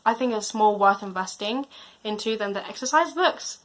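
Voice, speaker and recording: A woman's voice: mid-range voice, moderate pace, a bit bright. A teenage girl giving casual advice as a student vlogger, chatty and slangy, her volume drifting up and down. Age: late teens.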